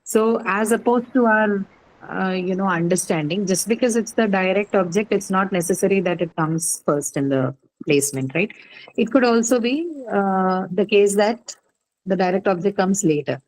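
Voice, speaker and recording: A woman's voice: medium pitch, moderate pace, low-quality recording. A woman teaching an English grammar class, explaining patiently and often asking "right?" to check understanding.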